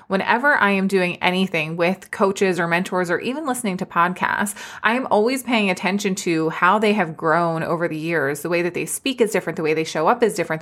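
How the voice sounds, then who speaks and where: A woman's voice: fairly low pitch, fairly bright tone. Upbeat woman giving a pep talk. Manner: upbeat, encouraging pep talk with casual swearing. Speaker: podcast host and business coach. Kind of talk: motivational podcast monologue.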